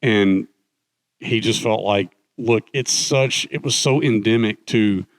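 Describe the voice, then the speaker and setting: An older man with a low voice talks as a guest in an on-stage chat. He tells stories at length, full of fillers and restarts, and the sound is dry and close. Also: slow, no echo. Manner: rambling storyteller with many fillers. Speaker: guest author. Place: conference stage.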